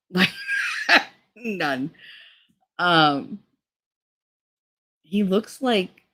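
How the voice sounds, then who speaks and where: A woman telling a gossipy story in a casual vlog, swearing freely and mimicking other people's voices. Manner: gossipy, profane, mimics others with big pitch jumps. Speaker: vlogger.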